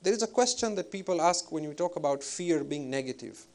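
A man giving an Islamic spiritual lecture in a measured, reflective way, pausing with fillers as he thinks. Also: fairly high pitch, lively intonation, darkish tone. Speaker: Islamic preacher.

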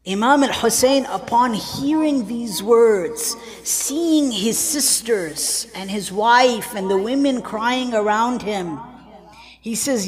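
A woman telling a mournful religious story as a sermon, with an emotional delivery that moves between raised and hushed tones. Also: a little high, animated, a little slow. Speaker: religious speaker at a mourning gathering. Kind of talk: lamenting sermon narration.

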